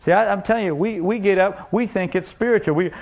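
Gravelly, slightly high-voiced male preacher. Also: fast, darkish tone. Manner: conversational preaching with acted-out asides and rhetorical questions. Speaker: pastor. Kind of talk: sermon.

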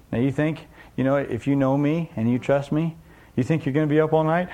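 Gravelly, slightly high-voiced male preacher. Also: brisk, darkish tone. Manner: conversational preaching with acted-out asides and rhetorical questions. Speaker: pastor. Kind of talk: sermon.

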